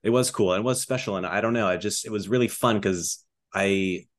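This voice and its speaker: A man with a very deep voice chats as a podcast guest. He talks candidly and loosely, with a self-deprecating streak. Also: a little fast. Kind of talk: casual chat.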